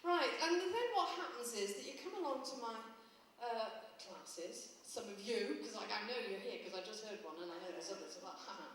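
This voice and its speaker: A woman's voice: medium pitch, animated, brisk. A woman performing live stand-up comedy, telling wry, chatty stories to an audience. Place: live show in a hall with audience. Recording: echoey hall from far off, noisy.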